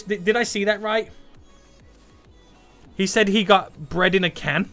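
Brief: upbeat male streamer, bright voice, playful, lively swooping delivery. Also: high voice, a little slow, faint music behind. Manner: excitable and playful, hums and exclaims. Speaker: gaming streamer. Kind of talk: live gameplay commentary chatting with viewers.

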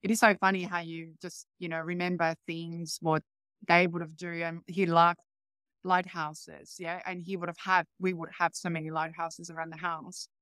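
A woman's voice: fairly low pitch, level tone, normal speed, fairly bright tone, smooth, no echo, studio quality. A woman in her forties with a Croatian accent, a native Croatian speaker, earnestly answering interview questions in reflective English. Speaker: podcast guest, healer coach.

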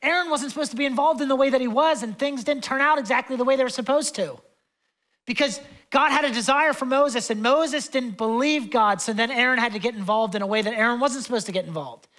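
A young adult man, a pastor, delivers a sermon in a loose, chatty style packed with fillers and side remarks. He's passionate, swinging between loud passages and hushed ones. His voice is very high and his pace quick.

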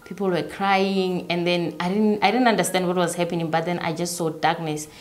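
A young woman telling a personal story in an interview, halting and repeating herself, softly voicing what others said. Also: fairly low pitch, little pitch movement, faint music behind.

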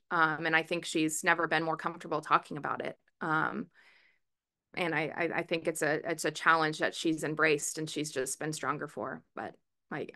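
Woman coach talking to reporters, kinda gravelly but bright, lots of um and like, lower voice. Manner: chatty, lots of fillers and restarts; calls herself a verbal, loud coach. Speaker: head softball coach. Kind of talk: press conference answers. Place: press room.

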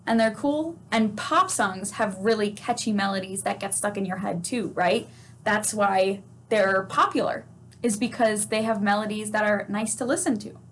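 A woman with a mid-range voice leads a children's music lesson, patient and encouraging. She asks questions and sings note names and chants examples, with slight background noise.

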